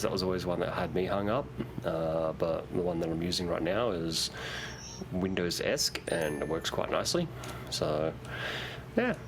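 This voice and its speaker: A man's voice: sits low, background noise. A man chatting casually while gaming online, rambling with many fillers and restarts. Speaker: livestream co-player.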